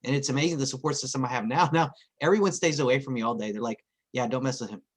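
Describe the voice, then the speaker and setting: A Texan man in his forties telling a lively story on a group video call, acting out his family's voices. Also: mid-range voice, very fast, slightly rough. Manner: animated, acts out family members' voices. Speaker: meeting participant.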